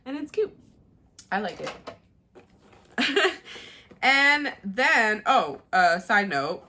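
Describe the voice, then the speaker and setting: A young woman giving a casual, rambling makeup tutorial at home, with lots of "like" and quick asides. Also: mid-range voice, sing-song, bright, forceful tone. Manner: chatty, rambling, uses "like" a lot. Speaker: beauty vlogger.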